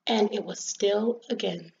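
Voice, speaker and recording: A woman reading a children's story aloud in an expressive, gentle storytelling manner. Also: medium pitch, measured pace, vocal fry, a little hiss or hum. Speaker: storybook reader. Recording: slightly dull lo-fi recording.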